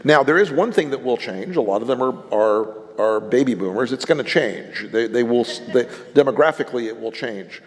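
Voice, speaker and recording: On an event stage before an audience, a political strategist tells blunt, salty stories and acts out the people he quotes. His mid-range voice is animated and brisk, with hardly any pauses, and the live hall adds reverb.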